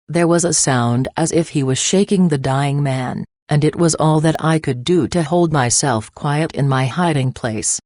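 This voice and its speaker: A woman narrating a classic story in a measured storytelling manner. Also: low voice, a little mellow, no echo, clean studio sound. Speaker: audiobook narrator. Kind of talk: scripted narration.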